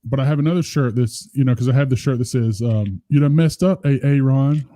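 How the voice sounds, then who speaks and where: A man's voice: medium pitch, brisk, warm tone, dry recording. A middle-aged man co-hosting a podcast, rambling through stories with plenty of swearing. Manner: rambling, profane storytelling. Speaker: podcast co-host. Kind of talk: casual chat.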